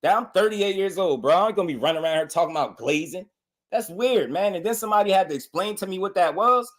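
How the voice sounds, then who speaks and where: A man's voice: sits high, animated, fast talker. A man, hosting a boxing stream and bluntly scolding his chat in slangy, repetitive talk. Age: 30s. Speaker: boxing podcast host. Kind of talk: live-stream commentary, addressing chat.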